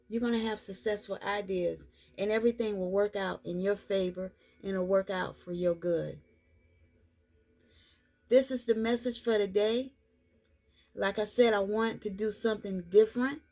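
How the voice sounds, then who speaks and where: Woman doing a slow card reading vlog, kinda gravelly fry in her voice, keeps saying it's gonna be okay. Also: medium pitch, warm tone. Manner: slow, repetitive, reassuring delivery. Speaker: spiritual card reader.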